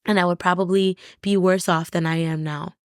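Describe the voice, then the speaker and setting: A woman's voice: lowish voice, fairly even intonation, moderate pace, smooth, no room sound, clean studio sound. A woman guest on a podcast, talking candidly and reflectively in short, restarting phrases. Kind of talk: candid conversational interview.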